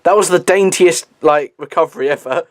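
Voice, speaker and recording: A man's voice: fairly high pitch, a little fast. A man giving casual movie commentary, laughing often and swearing freely. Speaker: film commentator.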